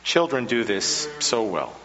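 Slow, bright-toned male preacher. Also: lowish voice, sing-song, in a large hall, lo-fi sound, faint music behind. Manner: slow, measured preaching with dramatic pauses. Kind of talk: sermon.

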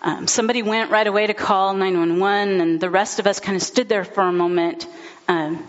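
A woman pastor preaching a sermon, telling a story in an earnest, heartfelt way, in a dull recording. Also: mid-range voice.

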